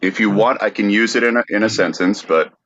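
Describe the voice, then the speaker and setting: Deep-voiced guy hosting a podcast quiz, kinda muffled audio. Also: a bit bright. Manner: deliberate, explanatory, with frequent "uh". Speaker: podcast host. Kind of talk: presenting a quiz segment.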